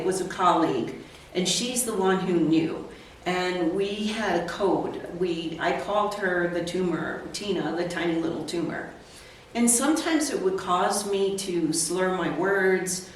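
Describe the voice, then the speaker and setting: A woman in her sixties, a real estate agent, telling her personal story as a guest in an interview, candid and earnest. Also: on the low side. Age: 60s. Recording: echoey, distant, faint noise.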